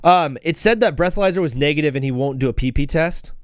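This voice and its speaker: Young male livestream host, slightly high voice that swings widely, jokey and rambling, dry close mic. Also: lively intonation, fast, clear, resonant tone, dry recording. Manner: rambling, jokey, calls plays as they happen. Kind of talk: casual live sports chat and reaction.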